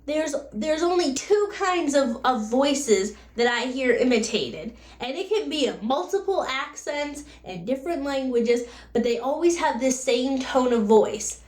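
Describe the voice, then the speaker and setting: A woman's voice: sits high, animated, measured pace, hardly any pauses, darkish tone, echoey room. A woman in her twenties ranting casually to her vlog audience, exasperated and full of rhetorical questions. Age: 20s. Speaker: vlogger.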